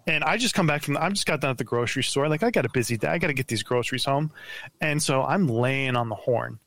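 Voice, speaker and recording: A man with a medium-pitched voice talks fast as a guest on a podcast, heard over a remote call mic. In casual chat he tells a lively, profane story full of stammered restarts.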